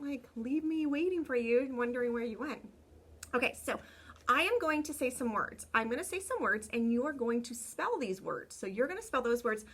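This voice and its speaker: Encouraging teacher, slow clear words. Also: female voice, sits high, a bit bright, a little hiss or hum. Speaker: kindergarten teacher. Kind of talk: remote lesson to young children. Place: home room with a window.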